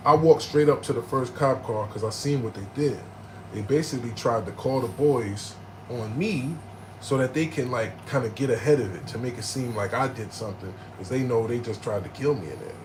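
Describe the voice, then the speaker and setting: A man telling a story in animated, slangy street talk, jumping into loud, high bursts when he acts out quotes. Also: a little fast, noisy background. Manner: profane, slangy.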